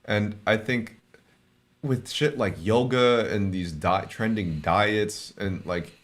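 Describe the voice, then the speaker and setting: A man's voice: fairly low pitch, slow pace. A young man in a laid-back casual chat as podcast co-host, who often calls people "dude" and "man".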